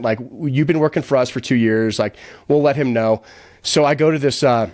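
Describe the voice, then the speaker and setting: A young man recounts his story as a podcast guest in a rapid, candid rush. He is blunt and profane and slips into quick impressions of the people he quotes. His voice sits at an ordinary pitch and sounds close and dry, with no room echo. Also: darkish tone.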